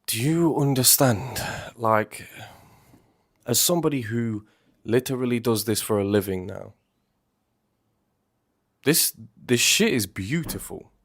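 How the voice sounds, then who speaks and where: A man hosting a music reaction video, chatting in an animated, rambling way and swearing freely. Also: medium pitch, slow, long pauses. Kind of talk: casual reaction commentary.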